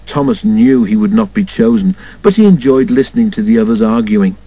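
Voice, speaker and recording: A man reading a children's storybook aloud in an expressive way, doing all the character voices himself. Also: fairly low pitch, brisk, dry recording, rough recording. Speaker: storybook narrator.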